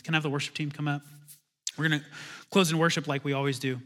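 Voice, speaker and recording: A man preaching a sermon in a church in a casual, animated, self-interrupting way, with chuckling asides. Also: on the high side, fast, long pauses. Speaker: pastor.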